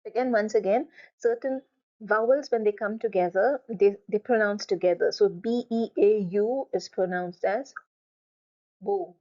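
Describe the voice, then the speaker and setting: Woman teacher going over words again and again, warm mellow voice, kinda muffled recording. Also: mid-range voice. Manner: slow, drawn-out repetition of words. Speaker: French teacher. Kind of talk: classroom lesson.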